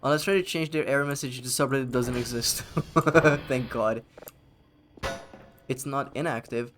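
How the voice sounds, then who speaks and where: A man's voice: medium pitch, fairly even intonation, moderate pace, a bit bright, slight background noise. Male streamer, casual live gameplay talk, sardonic and foul-mouthed, mid-range voice. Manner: sarcastic, swearing, joking with chat.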